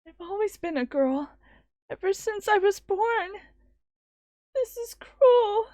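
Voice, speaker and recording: A shy, gentle teenage girl from a visual novel sobs through her words in a very high, soft voice, as a woman puts her on. Her pace is slow and halting, and the sound is close and dry. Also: lively intonation, no echo, full character voice. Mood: tearful.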